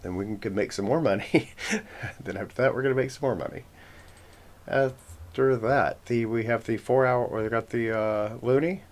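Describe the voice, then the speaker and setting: A man's voice: medium pitch, normal speed. A man hosting a forex trading channel, talking casually through his chart trend lines with rambling self-corrections and joking asides. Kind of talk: casual screen-share chart walkthrough.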